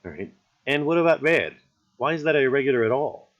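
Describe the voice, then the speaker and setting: A man's voice: medium pitch, sing-song, fast, lo-fi sound. A man teaching a recorded grammar lesson in an easygoing, explanatory way, often checking in with "right?".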